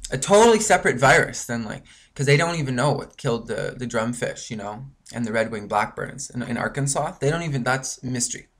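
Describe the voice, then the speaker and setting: A man's voice: medium pitch, animated, a little fast, few pauses, a bit bright. A man from Canada ranting angrily in a rambling vlog monologue, full of swearing and filler words. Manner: frustrated, profane, rambling with many fillers. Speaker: vlogger.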